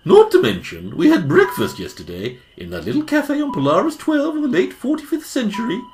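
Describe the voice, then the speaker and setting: A performer plays a pedantic goose sidekick in a homemade audio drama. The goose corrects everyone in a deadpan tone, yet the voice jumps through a huge range of pitch. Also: fairly quick, vocal fry, faint music behind. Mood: sardonic. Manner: sardonic, correcting, deadpan asides. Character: dry, pedantic goose companion. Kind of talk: hobby audio drama acting.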